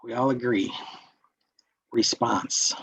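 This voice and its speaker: A man's voice: medium pitch, steady tone, slow pace, fairly bright tone, slightly rough, dry recording, low-quality recording. A man leading an interactive wellness workshop, lecturing and putting questions to the group. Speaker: workshop instructor.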